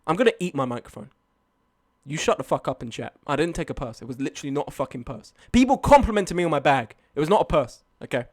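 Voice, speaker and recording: A man's voice: mid-range voice, quick pace. A young man telling a night-out story on a live stream, swearing and arguing back at his chat. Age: young adult.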